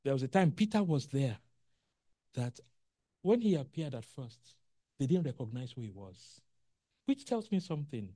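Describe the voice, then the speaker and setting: A preacher giving a sermon in an animated way, acting out quotes and asking the congregation questions. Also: medium pitch, normal speed, pauses often, no echo, studio quality.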